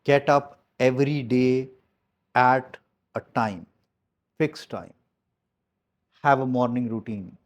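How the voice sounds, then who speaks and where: Slow and punctuated by long pauses, a medium-pitched man's voice delivers a motivational talk to his team. He's their business coach, speaking bluntly and emphatically, repeating key phrases and using some mild swearing.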